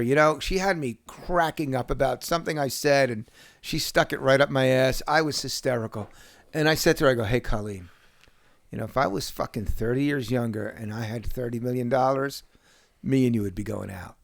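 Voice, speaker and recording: A man, telling stories in a casual podcast chat, profane and animated. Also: medium pitch, fairly quick, creaky, no echo, studio quality. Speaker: podcast host.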